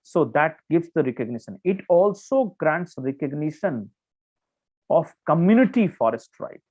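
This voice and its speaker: An Indian English man lectures on current affairs for exam candidates, his voice a touch high. He works through points with repeats, fillers and frequent "okay"s. The sound is narrow and tinny, like a phone line. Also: very animated, moderate pace, a little mellow. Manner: explains with many restarts and fillers, checks in with "okay". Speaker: exam coaching teacher.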